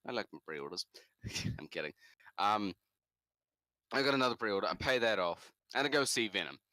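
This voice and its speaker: A young man from New Zealand, co-hosting a podcast, telling a story in casual, animated chat. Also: normal speed, dry recording. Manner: animated, jumps into high shouts for quoted lines. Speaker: podcast co-host.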